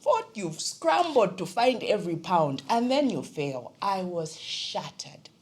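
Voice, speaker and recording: A young Zambian woman, a podcast guest, telling personal stories with lively quoted voices in casual conversation. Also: medium pitch, measured pace, slight background noise. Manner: animated storytelling, quoting family in other voices.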